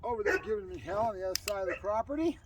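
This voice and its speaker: A man's voice: high-pitched, lively intonation, very fast, recorded from a distance, heavy background noise. A man working as a dog trainer, explaining a training session outdoors while praising his dog. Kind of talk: casual training demonstration. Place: outdoors on a property.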